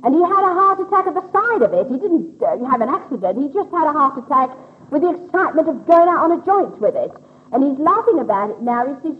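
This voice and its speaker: Lively-pitched woman medium, tinny recording. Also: fast talker. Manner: calls listeners "my dear", reassuring. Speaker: spiritualist medium. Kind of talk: public spirit-message demonstration. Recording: tinny phone-like old recording.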